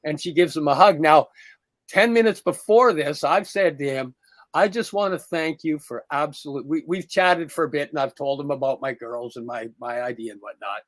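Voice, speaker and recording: A middle-aged man with a fairly high voice tells a story in relaxed podcast chat. He acts out each quoted line, his voice jumping up for the other people. The sound is dry and close. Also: normal speed, no echo. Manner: animated, acts out quoted dialogue in a raised voice. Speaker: podcast co-host.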